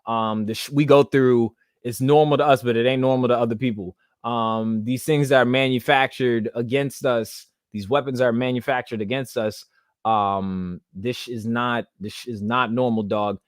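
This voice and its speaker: A man's voice: medium pitch, steady tone, moderate pace, dry recording, studio quality. Rambling emotional young man podcasting. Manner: rambling, many restarts and fillers; emotional, holding back tears. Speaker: podcast host. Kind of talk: casual monologue.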